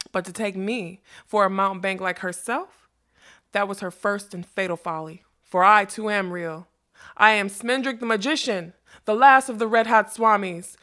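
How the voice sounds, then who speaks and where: A tall, boastful male magician declaims his lines with a grand, ringing manner, voiced by a woman reading a storybook. He sounds louder and more theatrical than the narration around him. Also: mid-range voice, natural voice.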